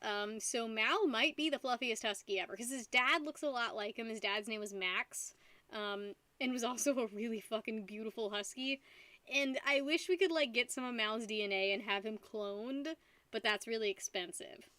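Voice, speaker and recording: A woman's voice: on the high side, normal speed, sharp tone, dry recording. A young woman streaming casually, tipsy from wine, rambling and giggling while talking to her dog. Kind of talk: casual live-stream chat.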